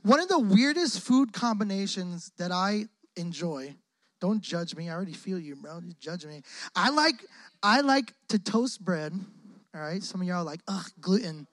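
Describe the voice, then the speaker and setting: High-voiced man preaching with playful slang. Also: animated, normal speed, a bit bright, no echo. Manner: playful, joking, heavy casual slang. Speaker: guest preacher. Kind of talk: lively call-and-response sermon. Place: church hall with a congregation. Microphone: close microphone on the speaker.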